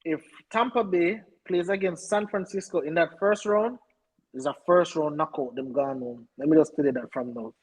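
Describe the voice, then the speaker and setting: Emphatic, husky man. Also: fairly high pitch, normal speed, poor audio. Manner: emphatic, argumentative, insistent. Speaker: sports podcast co-host. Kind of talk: casual sports debate.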